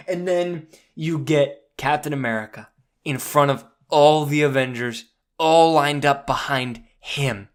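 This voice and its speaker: A man hosting a podcast, excitedly recapping a movie in casual chat, swearing and saying "dude" a lot. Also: fairly high pitch, moderate pace. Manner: animated, swears freely, says "dude" often. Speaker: podcast host.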